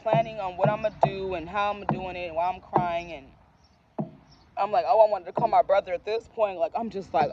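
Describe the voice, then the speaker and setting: A woman's voice: fairly low pitch, moderate pace, dull audio, very noisy. A young woman telling a personal story in a casual, candid and profane way, full of emotion. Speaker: storyteller vlogger.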